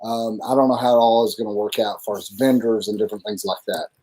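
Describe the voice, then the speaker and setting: A man's voice: fairly low pitch, fairly even intonation, quick pace, mellow. Rambling, casually swearing man. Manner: loose, rambling, swears freely. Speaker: livestream co-host. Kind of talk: casual live chat.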